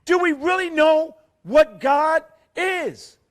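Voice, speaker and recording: A middle-aged man giving an impassioned rally speech at a fairgrounds event. He hammers home rhetorical questions and swings between loud and hushed. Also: very high voice, slow. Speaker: rally speaker.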